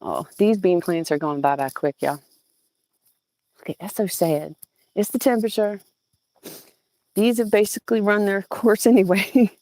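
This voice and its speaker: A woman's voice: mid-range voice, normal speed, pauses often, no echo. A woman from southeastern Virginia with a Southern accent, chatting casually and animatedly to viewers on a phone as she walks her garden. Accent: Southern American. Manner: chatty and animated, cooing at plants and greeting viewers. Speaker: gardening vlogger. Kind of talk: casual live-stream chat. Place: outdoor home garden. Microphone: old phone.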